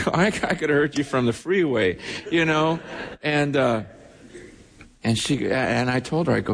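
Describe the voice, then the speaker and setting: A man's voice: medium pitch, unhurried, gravelly, pauses often. A man preaching a sermon as pastor, telling stories earnestly and often repeating words as he goes. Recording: echoey hall with long reverb.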